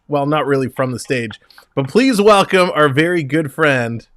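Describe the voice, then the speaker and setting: Hosting a live hockey stream, a man with a higher voice and lively intonation reads out stats, jokes around and chats with guests in an upbeat play-by-play manner. He speaks at normal speed in a slightly bright tone, captured dry in clean studio sound.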